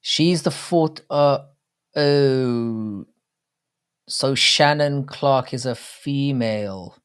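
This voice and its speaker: Extremely slow and clear, with a resonant medium-pitched tone, this thirty-something livestream host talks to chat during a watchalong. His casual commentary is blunt, profane, and rambling.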